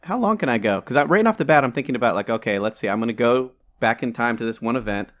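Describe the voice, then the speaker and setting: A man's voice: mid-range voice, expressive, fast, a bit bright. A man co-hosting a podcast in casual chat, rambling along with frequent restarts and laughter. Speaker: podcast co-host.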